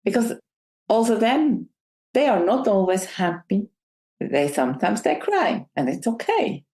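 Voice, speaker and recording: Female interview guest, mid-pitched, reflective and searching for words, recorded in a reverberant room. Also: very animated, a little slow, warm tone. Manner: reflective, with frequent restarts and non-native phrasing. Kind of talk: conversational interview. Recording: roomy echo.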